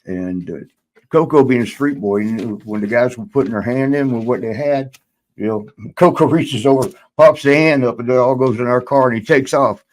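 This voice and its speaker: A man's voice: mid-range voice, normal speed, darkish tone. An older man, a guest in a shoot interview, telling a rambling story and laughing now and then.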